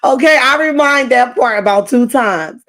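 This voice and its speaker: A woman's voice: sits high, normal speed. A woman hosting a casual reality TV recap, retelling scenes dramatically and putting on the cast's voices. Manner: animated, dramatic retelling with acted quotes.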